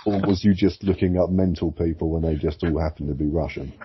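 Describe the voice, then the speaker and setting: A man's voice: low voice, a little fast, dull audio, slight background noise. A man co-hosting a casual podcast, throwing in dry, teasing jokes. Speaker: podcast co-host.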